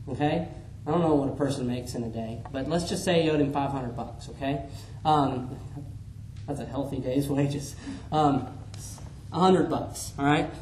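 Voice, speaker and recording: Animated preacher in an echoey room. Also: male voice, fairly high pitch, a little hiss or hum. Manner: animated, acts out the Bible figures in voices. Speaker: pastor. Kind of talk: sermon. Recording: echoey room with faint ambience.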